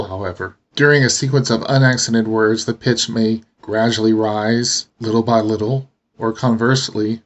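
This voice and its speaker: A man teaching pronunciation in a steady, explanatory narration. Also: mid-range voice. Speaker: language teacher. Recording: dull lo-fi voice recording.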